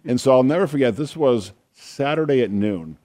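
A man co-hosting a talk show, chatting casually and telling a funny anecdote with deadpan humor. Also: mid-range voice, normal speed. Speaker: podcast co-host, doctor. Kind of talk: casual chat, storytelling.

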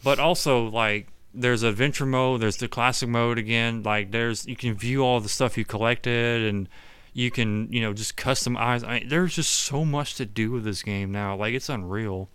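A young man in loose gaming talk, rambling from one point to the next and swearing as he goes. His voice is bright and smooth. It is recorded dry, with no room sound. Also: mid-range voice, moderate pace, no echo. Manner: rambling, animated, swears freely. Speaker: podcast co-host. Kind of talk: casual gaming chat.

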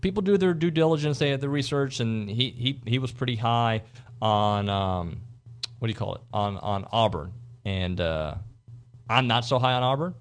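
A man's voice: medium pitch, animated, moderate pace. A man hosting a sports talk radio show, giving strong opinions in a rambling way, with fillers and restarts.

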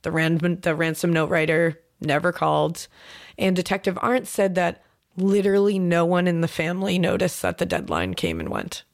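A woman's voice: on the low side, animated, normal speed. A woman co-hosting a podcast, casually walking her co-host through the details of a crime case with lots of fillers. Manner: storytelling, filler-heavy, recounts case details. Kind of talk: casual true-crime chat.

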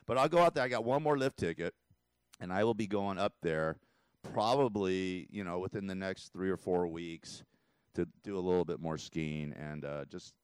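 A man's voice: low voice, moderate pace, a little mellow, clear, resonant tone, dry recording. A man hosting a talk radio show, rambling and emotional in a casual monologue, often laughing, from a studio mic.

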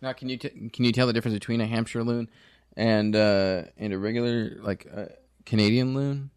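A man's voice: mid-range voice, steady tone, a little fast, a little mellow, clean tone, dry recording, studio quality. A man interviewing a bird character in an improvised comedy bit, asking earnest questions with hesitant restarts.

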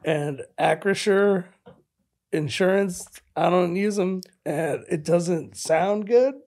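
A man putting on a slow, whiny, high-voiced dude who grumbles in a drawn-out, sulky way. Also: darkish tone.

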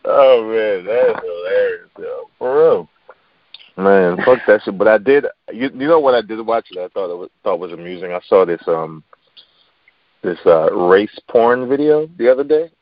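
A man's voice: on the low side, expressive, normal speed, no room sound, lo-fi sound. A man co-hosting a casual chat, rambling and restarting, laughing easily.

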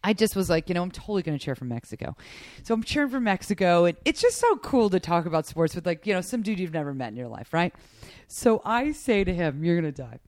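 A woman comedian hosting a casual chat, telling an animated, excitable story with many restarts. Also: fairly low pitch, brisk, dry recording, clean studio sound. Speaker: comedian podcast host.

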